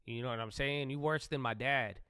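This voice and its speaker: A man's voice: medium pitch, a little fast, pushed and bright, a little hiss or hum. A man hosting a live trading stream, rambling and joking with the odd swear. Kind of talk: casual chat while trading.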